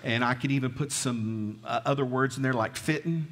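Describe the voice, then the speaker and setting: A man's voice: medium pitch, normal speed, fairly bright tone, slight background noise. A middle-aged man with a Southern US twang, preaching a folksy storytelling sermon and asking the congregation questions. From American South. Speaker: pastor. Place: church sanctuary. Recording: reverberant church hall.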